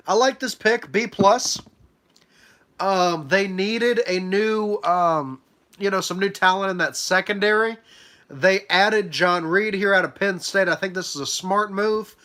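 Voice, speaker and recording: A young man talks casually on a live stream, his nose stuffy from allergies. His voice sits high and sounds bright and forward. He fills the gaps with ums and uhs while handing out letter grades. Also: a little slow. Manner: chatty, many fillers, hands out letter grades. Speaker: livestream host reacting to a sports draft.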